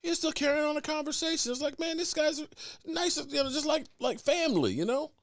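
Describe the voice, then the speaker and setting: Guy hosting a sports live stream, lively up and down voice, rambles and stammers, dry close mic. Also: extremely high pitch, brisk, no room sound. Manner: animated, rambling, stammers and restarts; greets chat viewers by name. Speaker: sports talk show host. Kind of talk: casual live-stream chat.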